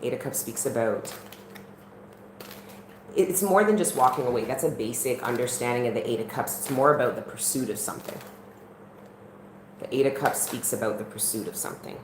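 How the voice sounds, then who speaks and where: A woman's voice: a bass voice, brisk, long pauses. A woman reading tarot on a live stream at home, talking earnestly and chattily straight to her viewers. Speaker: tarot reader. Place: at home in the country. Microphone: camera on a live stream. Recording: roomy with faint background noise.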